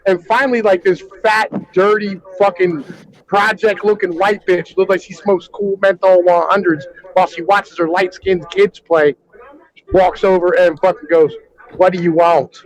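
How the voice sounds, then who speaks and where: High-pitched trucker guy, animated crude storyteller, lots of "yo", casual panel chat. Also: moderate pace, poor audio. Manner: animated, peppers talk with "yo".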